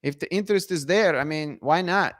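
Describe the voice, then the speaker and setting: A man's voice: a little high, a little fast. A man hosting a casual live stream, reading viewer comments in a playful, emphatic way that repeats itself. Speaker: livestream host.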